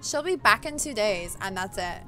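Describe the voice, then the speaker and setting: A woman's voice: medium pitch, expressive, moderate pace, pushed and bright, soft background music. A woman doing a haughty posh stepsister. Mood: cold. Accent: put-on posh accent. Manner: cold, imperious, dismissive. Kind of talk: reading a visual novel aloud.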